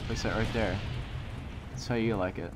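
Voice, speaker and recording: A young man giving live gameplay commentary, excitable and frustrated, with sudden exclamations and muttered asides. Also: lowish voice, moderate pace, noisy background. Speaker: gaming commentator. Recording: game gunfire behind voice.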